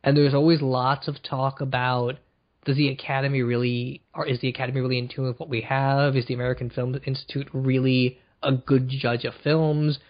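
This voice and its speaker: A man's voice: mid-range voice, flat delivery, brisk. A man co-hosting a podcast in casual chat, with a wry, sarcastic delivery. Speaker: podcast co-host. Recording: dull lo-fi audio.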